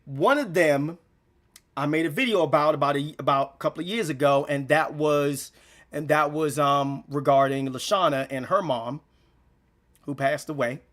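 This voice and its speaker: Emotional young man, rambling and high. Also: normal speed, a bit bright. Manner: rambling, repeats himself, slangy. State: near tears. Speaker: gaming channel vlogger. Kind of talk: emotional unscripted monologue.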